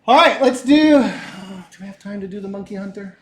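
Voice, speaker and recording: A middle-aged man teaching a physics class, animated and chatty, often asking rhetorical questions. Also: high-pitched, moderate pace. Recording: echoey classroom.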